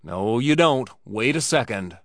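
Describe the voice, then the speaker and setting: A rowdy cowboy bellows and eggs on a brawl in a high, strained, loud voice, as a man reading a story puts him on. He sounds rough and heated. The recording is dry and close. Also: lively intonation, unhurried, no echo. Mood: firm. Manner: shouting, urging. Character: rowdy male cowboy yelling at a fight.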